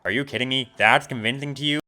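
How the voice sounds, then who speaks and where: A man's voice: mid-range voice, fast talker, sharp tone. A man voicing a sardonic, blunt gorgon girl in a game, dry and cutting. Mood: scornful.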